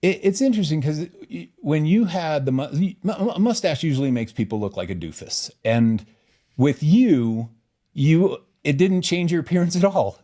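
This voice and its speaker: A man's voice: a little high, sing-song, moderate pace, dark tone. A man hosting a podcast in casual chat, teasing his co-host and laughing easily.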